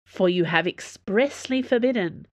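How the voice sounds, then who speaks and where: A woman's voice: medium pitch, lively intonation, a little slow, dry recording, clean studio sound, lightly acted. Woman doing an earnest female musketeer. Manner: earnest, helpful. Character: helpful female space musketeer. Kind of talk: audiobook narration.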